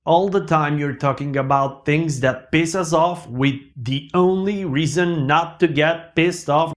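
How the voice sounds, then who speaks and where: A man hosting a comedic monologue show, animated, with a Macedonian accent, swinging between loud outbursts and mock-sad mumbling. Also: fairly high pitch, slow, few pauses.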